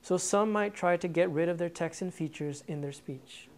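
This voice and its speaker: Woman doing documentary voiceover, kinda low voice, reads it steady and plain. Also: normal speed, a little hiss or hum. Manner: even, explanatory reading. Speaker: documentary narrator. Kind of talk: scripted narration.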